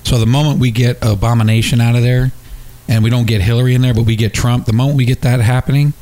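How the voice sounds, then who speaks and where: A man's voice: mid-range voice, steady tone, quick pace, mellow. A male co-host with a plain mid-range voice who cuts in with blunt, profane remarks. He backs up the host and eggs him on in crude banter. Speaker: show co-host. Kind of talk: crude talk-show banter.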